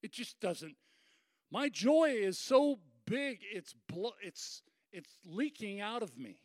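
A middle-aged man preaching a sermon, animated and conversational, acting out quoted people with sudden leaps up in pitch. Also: takes it slowly, no echo, studio quality. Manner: animated, acts out quoted voices with sudden high pitch jumps. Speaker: pastor.

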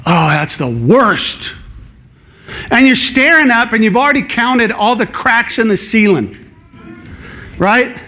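Man, middle-aged pastor, high voice, animated conversational sermon. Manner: animated, conversational preaching that acts out inner dialogue.

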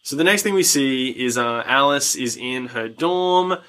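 Rambling bright-voiced man recapping a movie. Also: measured pace, clean tone. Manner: rambling, lots of "like", acts out characters in high voices. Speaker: podcast co-host. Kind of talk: casual movie recap chat.

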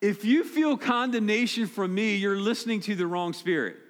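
A man's voice: high voice, normal speed. A man preaching a sermon as pastor, direct and emphatic, repeating key points. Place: church sanctuary. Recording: long hall reverb.

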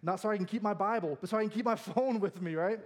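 A pastor with a fairly high voice delivers a humorous sermon from the pulpit at a quick pace. He keeps it light and jokey, pokes fun at himself, and laughs often as he moves between stories and scripture.

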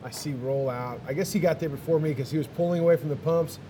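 Cussing, animated biker man. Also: a little high, fast, noisy background. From Texas. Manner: profane, animated storyteller. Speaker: motorcycle traveler. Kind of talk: casual chat.

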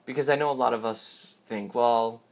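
A man's voice: mid-range voice, steady tone, normal speed. A man hosting a casual solo podcast, rambling and repeating himself, drifting off track now and then. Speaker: podcast host.

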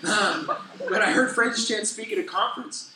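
A middle-aged man preaching a sermon as a pastor, telling stories with animated, self-deprecating humor. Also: high-pitched, moderate pace, over a noisy crowd. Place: church sanctuary. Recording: echoey church hall.

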